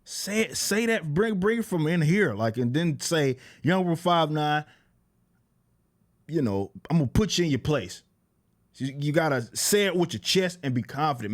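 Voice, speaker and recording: A young man reacting to a clip in casual commentary, mocking and repeating himself, rising higher as he gets animated. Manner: casual mocking, repeats words, rises in pitch when animated. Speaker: YouTube commentator.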